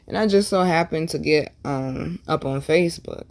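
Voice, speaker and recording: A young woman who vlogs about tarot and numerology tells a painful personal story with candor, her low voice carrying vocal fry at a moderate pace. She uses slang and swearing and repeats lines for emphasis.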